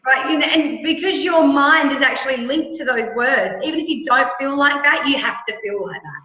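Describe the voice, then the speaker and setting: A middle-aged Australian woman coaching with emphatic, animated talk, often checking in with her listener. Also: sits high, moderate pace. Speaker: mentor and coach. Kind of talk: motivational coaching chat. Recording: echoey room, dull lo-fi sound.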